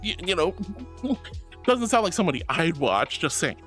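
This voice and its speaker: A woman's voice: fairly low pitch, sing-song, moderate pace, fairly bright tone, faint music behind. A woman streamer in a casual chat who reads her live chat aloud, affectionate and bubbly, calling viewers sweetie and honey.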